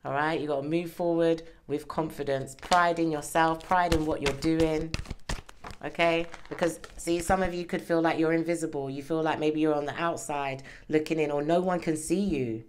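A low-voiced woman gives a casual tarot reading, chatty and encouraging. Her microphone sits close to her hair, and faint background noise runs underneath. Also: fairly even intonation, moderate pace. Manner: chatty, encouraging, often checks in with "okay?". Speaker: tarot reader. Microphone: microphone worn near her hair.

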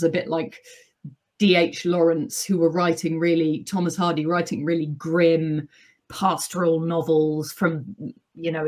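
Animated woman, author chatting. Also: on the low side. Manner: animated, laughing often, playful. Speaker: author and audiobook narrator, guest. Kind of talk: casual podcast interview.

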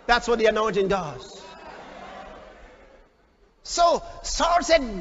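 High, lively male preacher, fiery. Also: normal speed, pauses often. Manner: fiery and dramatic, acting out voices and shouting. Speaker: pastor. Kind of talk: sermon. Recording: echoey hall, dull lo-fi sound.

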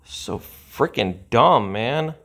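A man's voice: medium pitch, lively intonation, vocal fry, a bit bright. Exasperated man ranting over a game. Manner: drawn-out, sighing delivery. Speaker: gaming channel host. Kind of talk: frustrated gameplay commentary.

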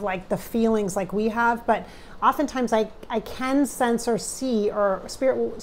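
A woman's voice: on the high side, a little mellow, a little hiss or hum. A middle-aged woman psychic talking casually and emotionally to viewers during a channeling session. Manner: chatty, emotional, talks directly to viewers. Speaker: psychic medium.

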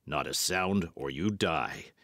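A man's voice: very deep voice, expressive, slow, fairly bright tone, no echo, studio quality, voice pushed down, heavily acted. A man voicing a masked male outlaw who gives stern, clipped threats. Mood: commanding.

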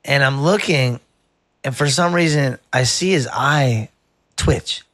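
Casual male storyteller, middle pitch, excitable and rambling, dry close sound. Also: slow, no room sound. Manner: animated, rambling, says "bro" a lot. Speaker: barber telling a story.

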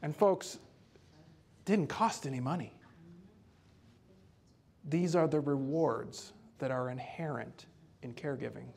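A man giving a training presentation on home care, telling a story in a lively, conversational way. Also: mid-range voice, slow, vocal fry, pauses often, breathy edge.

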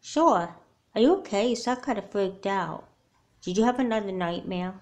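Larissa, a chatty high-pitched girl doll voiced by a woman. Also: animated, moderate pace, lightly acted. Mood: curious. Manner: bright, talkative, questioning. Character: chatty, caring, religious young girl doll friend. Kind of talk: homemade doll movie voice acting.

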